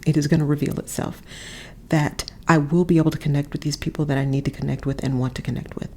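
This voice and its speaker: A woman's voice: sits low, steady tone, fast, warm tone. A woman host and coach giving an earnest, reflective motivational monologue, repeating phrases for emphasis and dropping to a near-whisper at times. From Texas. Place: a friend's house, not her usual space. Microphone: different setup than usual.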